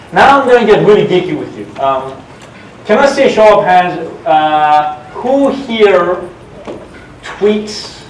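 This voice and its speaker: A man with a slightly high voice speaks to a conference audience, stumbling and restarting as he explains and asks for a show of hands. The sound is roomy and distant, as if taken from across a large hall, with faint noise underneath. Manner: engaging, asks audience for shows of hands, many fillers and restarts. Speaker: conference presenter. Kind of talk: technical conference talk with live demo.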